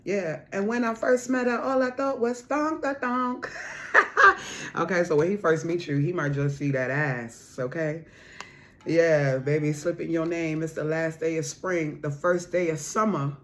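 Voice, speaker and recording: Her voice is deep and unhurried as she gives viewers a relaxed spiritual card reading. Addressing the listener as "honey" and "boo," she hammers home her points by repeating them. Excitement sends her into loud laughter and a raised voice.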